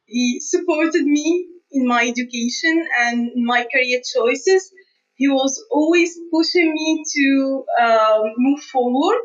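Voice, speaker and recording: High-voiced woman. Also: slow pace. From Tunisia. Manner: earnest, hesitant restarts, light laughs. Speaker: guest scientist. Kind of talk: conversational interview answers. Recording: distant, dull remote recording.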